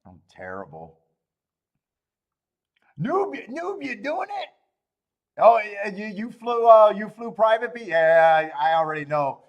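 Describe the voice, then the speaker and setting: On a live horse racing betting stream, the host talks in a high-pitched voice with wildly swooping pitch, a measured pace, and long pauses, and the highs are cut off in the audio. He chats casually with viewers, swearing freely and frequently laughing at himself.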